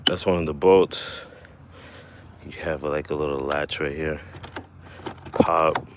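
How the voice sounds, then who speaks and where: Very deep-voiced man rambling on a livestream. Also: fairly even intonation, slow pace. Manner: rambling, self-correcting, laughs often. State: a little winded. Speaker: livestream host. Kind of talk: casual livestream chat. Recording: faint background noise.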